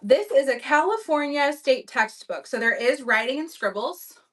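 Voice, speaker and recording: High-pitched, expressive and a bit bright, a woman talks at a moderate pace, recorded from afar. Her casual live-stream auction has her chatting happily about vintage goods for buyers.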